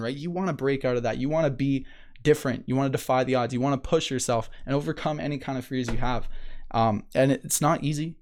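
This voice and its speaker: A man's voice: medium pitch, darkish tone. A man hosting a motivational podcast, talking energetically and emphatically, repeating phrases, restarting sentences and laughing often. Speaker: podcast host.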